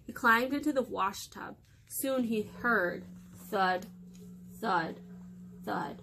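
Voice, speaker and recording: A woman hosting storytime for children, reading a fairy tale aloud in a lively, expressive way. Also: mid-range voice, slow, gravelly, long pauses, a little hiss or hum.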